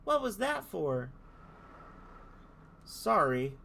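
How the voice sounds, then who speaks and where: A polite young male game hero speaks with an apologetic, friendly lilt, as a man reads him aloud. His voice sits a little higher than the player's own and keeps a creaky texture. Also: big pitch swings, very slow, sharp tone, a little hiss or hum, heavily acted.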